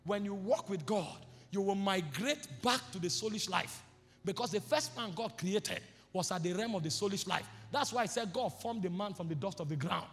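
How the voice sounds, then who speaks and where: Male pastor, very high voice, fervent shouted sermon; long hall reverb. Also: expressive, moderate pace, faint music behind. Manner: fervent, shouting preacher with repeated declarations. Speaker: apostle preaching.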